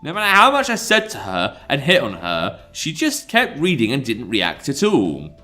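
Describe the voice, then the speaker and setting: Ein Mann, der einen großspurigen, albernen Schuljungen spricht, jammernd und prahlerisch. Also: male voice, mid-range voice, huge pitch swings, moderate pace, sharp tone, faint music behind. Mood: boastful whining. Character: brash goofy teenage schoolboy.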